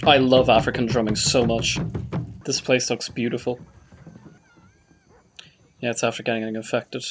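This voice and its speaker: A man's voice: medium pitch, flat delivery, normal speed, faint music behind. A man hosting a reaction video, chatting casually and enthusiastically, laughing often. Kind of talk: casual chat reacting to a show.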